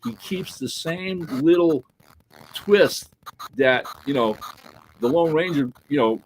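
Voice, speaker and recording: A man co-hosting a casual podcast, telling a story with animated delivery and checking in with "right?" and "all right?" as he goes. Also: a little high, slow, slight background noise, low-quality recording. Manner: animated storyteller who acts out quoted dialogue; peppers talk with "right?" and "all right?". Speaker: podcast co-host.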